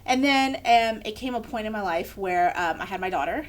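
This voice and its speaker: Young woman co-host with a mid-range voice, telling a lively personal story over a faint low rumble. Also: a little fast. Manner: animated storyteller acting out quoted voices. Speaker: podcast co-host. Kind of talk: candid personal story in a podcast chat.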